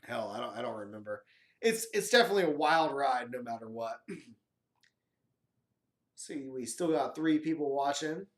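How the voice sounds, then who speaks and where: A man's voice: medium pitch, animated, normal speed, pauses often. A man hosting a casual live chat, telling a rambling, profane story and acting out what people said. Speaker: live stream host. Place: home, live stream.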